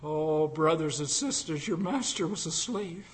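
High-voiced fervent male preacher. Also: expressive, measured pace, big-room sound. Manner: fervent, swings from loud cries to hushed lines. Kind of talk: sermon with closing prayer.

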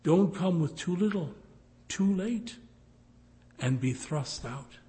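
Slow pleading male preacher in a hall. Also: sits high, animated. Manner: pleading, rising to loud appeals. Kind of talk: sermon. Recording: long hall reverb.

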